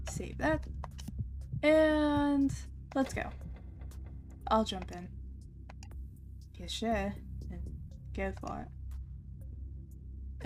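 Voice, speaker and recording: A woman playing through a visual novel, reading its dialogue aloud with soft asides. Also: on the high side. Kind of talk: let's play narration.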